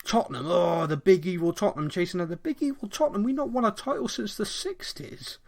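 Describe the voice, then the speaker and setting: A middle-aged man from Bristol with a mild Bristolian accent, co-hosting a podcast in a rambling, animated casual chat. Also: high voice, fast talker, gravelly. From Bristol, England. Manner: animated, rambling, thinks aloud. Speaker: podcast co-host.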